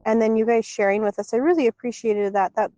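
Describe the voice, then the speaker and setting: A woman co-hosting a casual podcast, speaking in a steady, supportive way and talking frankly about hard topics. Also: a little high, fast talker, no echo. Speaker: podcast co-host. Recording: dull dry recording.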